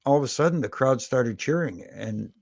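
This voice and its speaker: Gravelly middle-aged man telling stories. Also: medium pitch, normal speed, no echo, studio quality. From Toronto, Canada. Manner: rambling, animated anecdotes with many restarts. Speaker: guest, former wrestling referee. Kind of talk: casual storytelling interview.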